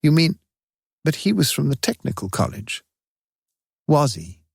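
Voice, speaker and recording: A brisk, authoritative middle-aged prison governor, as a man voices him in an audiobook, asks clipped, commanding questions. The voice sits well above the narrator's own low pitch. The sound is dry and close. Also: very animated, creaky, husky, dry recording, full character voice.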